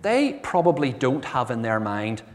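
Guy preaching in church, chatty and earnest, mid-pitched, big hall echo. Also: big pitch swings, unhurried. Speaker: pastor. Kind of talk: sermon. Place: church sanctuary. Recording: long reverb from a church hall.

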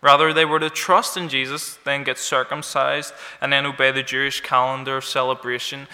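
A male preacher delivers a sermon with a sharp, bright tone that carries through a long church reverb. He mixes light self-deprecating humor with emphatic rises on key words, his pitch sitting in the middle range. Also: flat delivery, brisk, hardly any pauses.

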